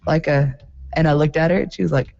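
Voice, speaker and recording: A woman's voice: low voice, fairly even intonation, fast talker, creaky, a little mellow, dry recording. A woman co-hosting a morning radio show, giggling and teasing in casual banter. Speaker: radio co-host. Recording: dull lo-fi radio recording.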